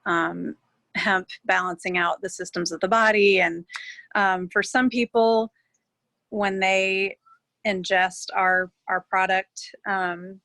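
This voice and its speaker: A woman's voice: medium pitch, bright, forceful tone, no room sound. A woman speaking as a guest on a casual group video call, emotional and hesitant with frequent fillers.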